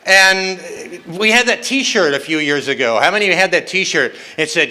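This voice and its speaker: A man's voice: sits high, animated, moderate pace, hardly any pauses, bright, forceful tone. An older man performing a self-mocking stand-up comedy set on stage, acting out the voices he quotes. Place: conference hall stage with a live audience.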